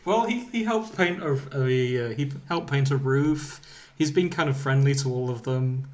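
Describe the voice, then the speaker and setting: A man's voice: mid-range voice, moderate pace, slight background noise. Giggly man retelling a silly story. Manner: amused, laughing often, stumbling over words. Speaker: podcast host. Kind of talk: casual comic retelling of fan fiction.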